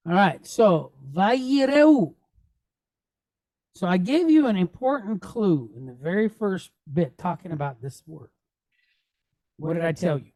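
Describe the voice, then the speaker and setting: Slow, patient woman teaching reading. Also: on the low side, lively intonation, warm tone, no room sound. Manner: patient, spells out vowel points step by step; checks in with frequent "right?". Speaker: Hebrew teacher. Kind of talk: classroom reading lesson.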